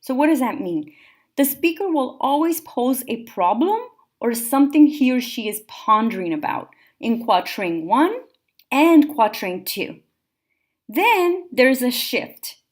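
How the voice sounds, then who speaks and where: A woman's voice: high-pitched, unhurried. Woman teacher giving methodical lecture notes. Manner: clear, methodical, steady explaining. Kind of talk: recorded classroom lecture notes.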